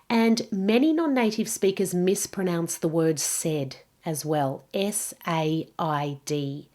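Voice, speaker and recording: A woman teaching English pronunciation, saying each word slowly and carefully for learners to repeat. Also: on the low side, darkish tone. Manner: slow, careful modelling of words. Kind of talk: pronunciation lesson.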